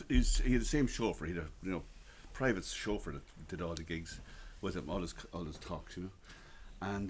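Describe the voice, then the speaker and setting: A man's voice: low voice, a little hiss or hum. An Irish fiddler from County Louth telling a story between tunes at a house concert, chatty and teasing, repeating his words as he goes. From Ireland. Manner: chatty, teasing, restarts phrases with a laugh in his voice. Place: living room at a house concert.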